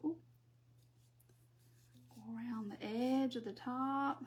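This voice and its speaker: A woman's voice: a little high, fairly even intonation, slow pace. Chatty Southern woman from Mississippi. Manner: chatty, reads viewer comments aloud, giggly asides. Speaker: craft live-stream host. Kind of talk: casual crafting live stream.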